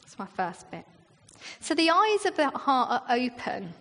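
A woman's voice: high voice, big pitch swings, measured pace, a bit bright. A woman, a church leader preaching a sermon in a chatty way, full of rhetorical questions and acted-out quotes. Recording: long reverb in a hall.

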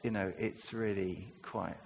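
A man's voice: low voice, fairly even intonation, measured pace, gravelly, long reverb tail, slight background noise. A man preaching a sermon in a conversational way, asking his listeners rhetorical questions.

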